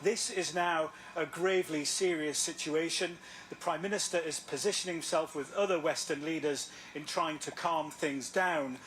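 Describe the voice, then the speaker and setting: A man reporting the news in a measured, formal broadcast style. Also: fairly high pitch, fairly even intonation, a bit bright. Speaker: news correspondent.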